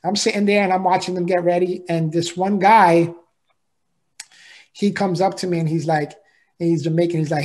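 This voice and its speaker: A man's voice: high-pitched, steady tone, normal speed, pauses often, a little mellow. A man, a podcast guest, telling an emotional personal story in an earnest, heartfelt way, often repeating himself and asking "right?".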